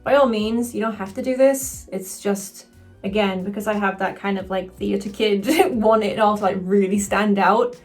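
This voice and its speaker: A woman chatting casually through a makeup tutorial, excitable and quick to swear. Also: mid-range voice, faint music behind. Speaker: cosplayer doing a makeup tutorial.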